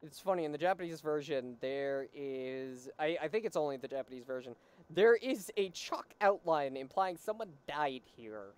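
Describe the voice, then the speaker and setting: A woman's voice: deep voice, expressive, moderate pace, darkish tone, clear, resonant tone. A woman hosting a let's play, chatting casually and reading game text aloud.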